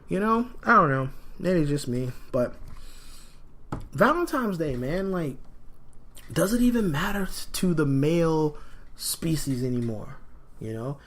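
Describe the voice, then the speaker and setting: A man hosting a solo podcast in a rambling, animated way, sniffling from a cold. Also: fairly high pitch, measured pace, a little hiss or hum. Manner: rambling and animated, frequent fillers. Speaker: podcast host. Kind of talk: casual solo podcast talk.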